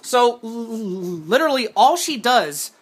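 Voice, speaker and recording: A young man at home, filmed on a handheld phone camera, ranting and swearing about a movie he hated, with yelled outbursts. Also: very high voice, big pitch swings, slow pace, slight background noise. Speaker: movie reviewer. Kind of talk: angry movie-review rant.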